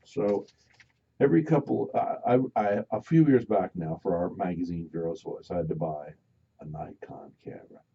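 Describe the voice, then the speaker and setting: A man hosting a live radio talk show, telling stories in a casual, animated way and acting out the voices of the people in them. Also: low-pitched, normal speed, creaky, slightly rough. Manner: animated storyteller, acts out loud voices. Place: radio studio. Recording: dull lo-fi radio broadcast.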